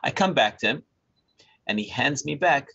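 A man in his sixties, a Torah scribe, telling a story to a small group in an animated way, acting out dialogue and often chuckling as he talks. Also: mid-range voice, normal speed, gravelly, slightly rough. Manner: chuckles often while talking. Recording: dull lo-fi recording.

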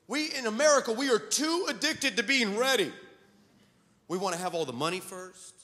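A man preaching a sermon to his congregation, telling stories with animated humor and jokes. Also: very high-pitched, moderate pace, long reverb tail. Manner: animated storytelling, joking with the congregation. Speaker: pastor. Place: church sanctuary.

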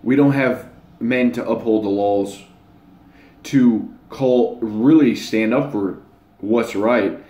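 A man's voice: on the low side, slow pace, warm tone. A young man talking casually to his channel's viewers, blunt and rambling, with crude slang. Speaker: channel host. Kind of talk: casual monologue to camera. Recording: echoey room.

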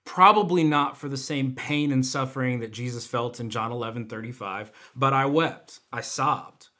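A young volunteer speaker gives his testimony in a church's online service, his medium-pitched voice sounding pushed and bright at a normal speed. He laughs through self-deprecating anecdotes.

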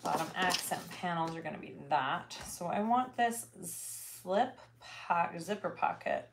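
A woman's voice: lowish voice, a little slow. A woman hosting a casual livestream, muttering checklists to herself as she works, with chatty asides to viewers. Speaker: livestream host, bag maker. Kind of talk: casual livestream chat while cutting fabric. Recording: noticeable background noise.

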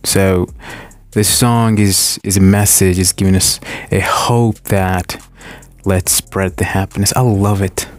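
Slow-talking man reacting over loud music. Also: sits low, steady tone. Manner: exclaiming, earnest, repeats wow and yo. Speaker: reaction video host. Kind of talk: casual reaction commentary. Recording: music playing loudly behind. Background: concert music from video being watched.

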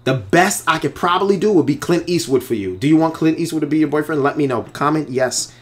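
A filmmaker chatting casually on a livestream, rambling and joking and reading viewer comments aloud, with many pauses and fillers. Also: male voice, on the high side, animated. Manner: rambling, joking, teasing, lots of ums.

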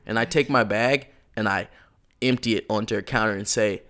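A man's voice: fairly low pitch, fairly quick, fairly bright tone. A man co-hosting a podcast, telling a story in casual chat, laughing, swearing freely and acting out the people in it. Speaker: podcast co-host.

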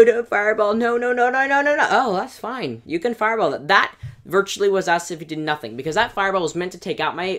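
A gaming channel host giving excitable play-by-play commentary over battle replays, voice going hoarse, recorded as a voice-over at a computer. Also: medium pitch. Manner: excitable play-by-play, rising to yelps at big moments.

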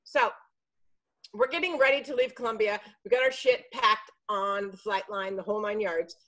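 A middle-aged woman telling a story in casual chat, animated and swearing freely. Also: mid-range voice, normal speed, poor audio. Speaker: podcast guest. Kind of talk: casual storytelling on a group video call.

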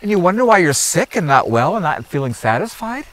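A man's voice: on the high side, very animated, brisk, hardly any pauses, fairly bright tone, a little hiss or hum, low-quality recording. A man guiding a group through a garden outdoors, teaching in an emphatic, preachy way and repeating his points. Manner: emphatic and preachy, repeats phrases, asks "are you hearing me?". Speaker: gardener leading a garden tour.

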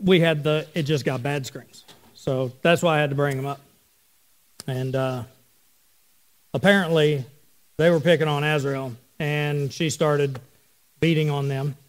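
High-voiced pastor telling a family story. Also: male voice. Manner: storytelling, conversational with the congregation. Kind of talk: sermon.

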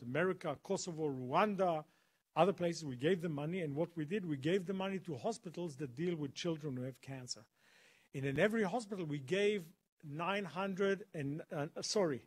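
A man tells a dramatic story to a college audience and acts out the dialogue as he goes. His voice is a bit husky and sits slightly high. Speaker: guest speaker. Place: college lecture hall.

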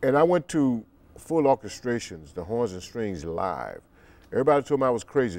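An older man, a musician guest in an interview, telling stories in an unhurried way and acting out the quotes. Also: very animated, darkish tone, no room sound. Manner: deep, unhurried storyteller who acts out quotes. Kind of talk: relaxed storytelling interview.

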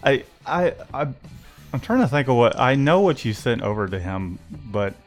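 A man's voice: mid-range voice, sing-song, moderate pace, faint music behind. A man co-hosting a casual livestream, joking and greeting viewers by name. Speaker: livestream co-host.

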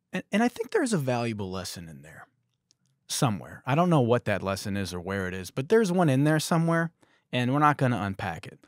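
A man in his thirties hosting a podcast, telling a comic story in a sarcastic, animated way. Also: medium pitch, no echo, studio quality. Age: 30s. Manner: sarcastic, animated, puts on voices for quoted people. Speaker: podcast host. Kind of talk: comedic storytelling monologue.

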